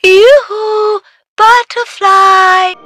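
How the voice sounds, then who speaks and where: Preschool cartoon: a lively riddle-telling character, slow and animated. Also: female voice, high-pitched, background noise, exaggerated voice. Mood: playful. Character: friendly playful cartoon character Feely.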